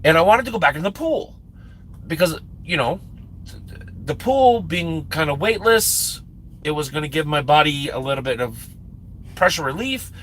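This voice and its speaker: A man tells a rambling story on a livestream. His voice sits fairly high and swings widely in pitch. A faint hiss runs under the recording. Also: normal speed, long pauses, rough recording. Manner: animated, profane, laughing asides. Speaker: livestream host. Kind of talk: casual storytelling.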